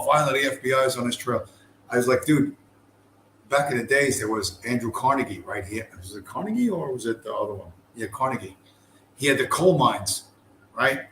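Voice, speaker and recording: A man's voice: medium pitch, a bit bright. A man ranting casually as a podcast host, profane and rambling, with heated asides. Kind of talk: casual rant. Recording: echoey room with faint ambient noise.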